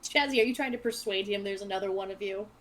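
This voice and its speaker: Brief: brisk woman game master narrating a tabletop session. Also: medium pitch, low-quality recording. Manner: brisk, directive. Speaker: dungeon master.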